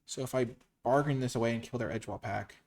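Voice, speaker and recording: A man commentating his own card game, switching between quiet muttered analysis and loud, mock-grandiose cheering. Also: medium pitch, fast, creaky, slight background noise. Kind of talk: gameplay commentary.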